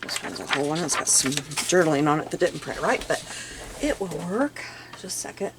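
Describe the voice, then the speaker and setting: Chatty low-voiced older woman, lively. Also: a little fast. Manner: chatty, musing aloud, drifting into soft murmurs. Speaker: crafting vlogger. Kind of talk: casual show-and-tell chat. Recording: audible background noise.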